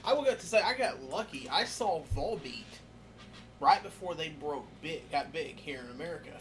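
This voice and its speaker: A man on a podcast who gets loud and excited telling concert stories. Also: fairly high pitch, moderate pace, very noisy. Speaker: podcast host. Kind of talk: casual podcast chat.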